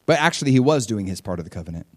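A man's voice: lowish voice, racing. A man preaching a sermon in a conversational style, reading scripture and animatedly acting out the voices of the people he describes. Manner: conversational, animated, acts out quotes. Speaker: pastor.

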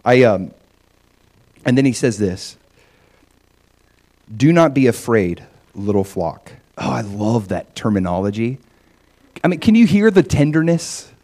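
A middle-aged man preaching a sermon, animated, often acting out voices in quotes. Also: mid-range voice. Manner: animated, acts out God's voice in quotes. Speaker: pastor.

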